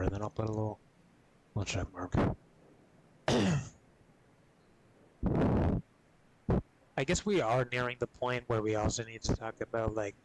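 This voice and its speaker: Laid-back low-voiced man, coughing. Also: a little hiss or hum, poor audio. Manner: profane, rambling, laid-back. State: coughing and clearing his throat often. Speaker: gaming streamer. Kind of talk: casual stream chat.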